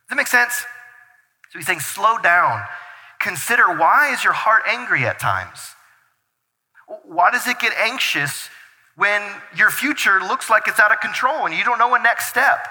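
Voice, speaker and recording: A man preaching a sermon as pastor, energetic and full of rhetorical questions to the congregation. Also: high-pitched, measured pace. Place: church hall. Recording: reverberant church hall.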